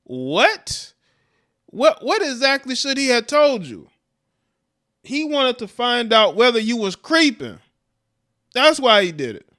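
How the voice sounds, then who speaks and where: A man's voice: extremely high pitch, big pitch swings, takes it slowly, long pauses, sharp tone. A man hosting a livestream, giving blunt, profane commentary on clips and chat with frequent laughs. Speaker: livestream host reacting to clips.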